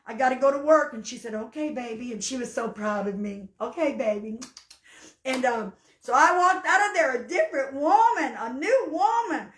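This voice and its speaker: A woman with a high voice tells her testimony in a folksy, down-to-earth way, now and then rising into fervent praise. She preaches to listeners, and her voice rings in an echoey room. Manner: fervent, breaks into shouts of hallelujah; folksy storyteller. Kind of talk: spoken testimony and sermon.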